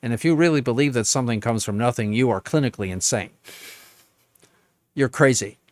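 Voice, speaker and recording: An older man speaks as a bishop fielding questions from viewers, answering bluntly and emphatically in plain words. His voice sits at an ordinary middle pitch. The recording is dry and close, with no room sound. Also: a little fast, dry recording. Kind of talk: live Q&A stream.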